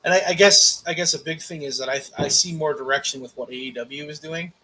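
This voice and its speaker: A man co-hosting a podcast in casual chat, swearing freely and telling animated stories with acted-out quotes. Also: on the high side, quick pace. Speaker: podcast co-host.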